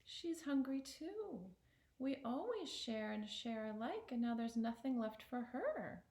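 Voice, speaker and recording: A woman storyteller voicing a poor, kindly old peasant man who muses softly and sometimes drops to a whisper. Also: on the high side, very animated, a little slow, echoey room, voice pushed up. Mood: musing.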